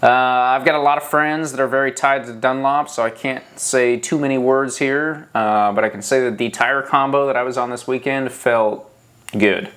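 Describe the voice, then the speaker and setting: Male podcast host, casual and rambling, mid pitch, conversational. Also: fairly even intonation, normal speed, fairly bright tone. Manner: chatty, rambling with restarts.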